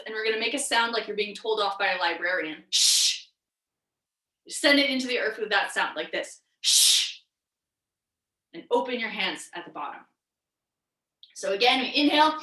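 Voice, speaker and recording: A woman's voice: on the high side, expressive, fairly quick, sharp tone. A woman guiding a movement lesson in a playful way, laughing easily as she explains. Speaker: energy work teacher. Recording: echoey room.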